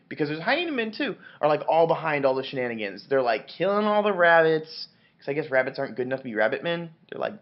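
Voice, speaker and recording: A man's voice: a little high, highs cut off. A drunk man reviewing a classic novel, rambling and swearing, with many restarts and fillers. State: drunk on wine. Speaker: book reviewer. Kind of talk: rambling comic book review.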